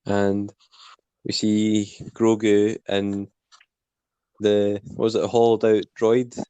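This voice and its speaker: A man's voice: on the low side, little pitch movement, slow, warm tone, clean tone, no echo. A man co-hosting a casual review podcast, recapping scenes in a plain storytelling way. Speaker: podcast co-host.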